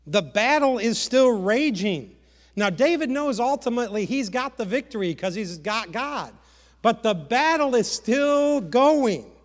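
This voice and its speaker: A man preaching a sermon with passion, repeating words and dropping to a hush to press a point. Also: very high voice, expressive, measured pace, big-room sound. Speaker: pastor.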